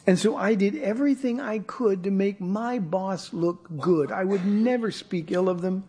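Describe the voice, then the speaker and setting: A man's voice: sits high, normal speed, dark tone, husky. A man preaching a sermon as pastor, earnest and repeating his words as he starts a thought. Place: church.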